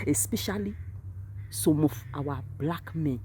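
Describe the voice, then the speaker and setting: A Nigerian woman with a Nigerian Pidgin English accent, talking to her camera at a cemetery, moving between quiet grief and loud, animated outbursts. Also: fairly low pitch, normal speed, husky. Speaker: vlogger. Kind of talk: emotional direct-to-camera monologue. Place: outdoors at a cemetery.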